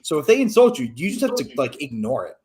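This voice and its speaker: A man speaking as a guest in a casual podcast chat, measured and explanatory. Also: on the high side, sing-song, a crowd in the background.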